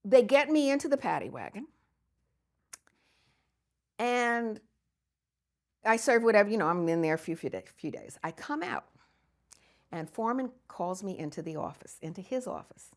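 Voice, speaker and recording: An older woman from the United States, recounting memories in an interview with lively storytelling and frequent laughter. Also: a little high, unhurried, long pauses. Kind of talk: oral history storytelling.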